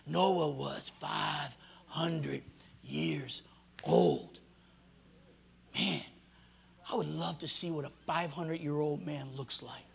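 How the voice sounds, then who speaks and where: A male pastor preaching a sermon to a congregation, swinging from loud shouts to hushed near-whispers and acting out the voices of people he quotes. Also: high voice, creaky, slightly rough. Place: church hall before a congregation.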